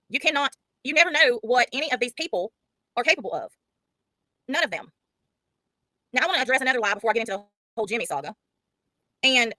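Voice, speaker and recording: A woman's voice: a little high, pushed and bright, no echo, poor audio. A woman hosting a casual livestream, blunt and profane, mocking the people she talks about. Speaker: livestream host.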